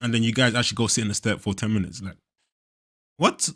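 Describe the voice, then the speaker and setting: A young man hosting a movie reaction, animated and profane, laughing often as he talks. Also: mid-range voice, fairly quick, pauses often, husky. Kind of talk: casual reaction commentary.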